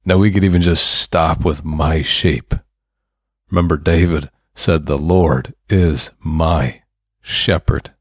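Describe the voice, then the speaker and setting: A male preacher delivers a sermon in a low, deep voice, taking his time with long drawn-out pauses. He is fervent and builds to emphatic bursts. The sound is dry and close. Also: fairly even intonation, slightly rough, no echo.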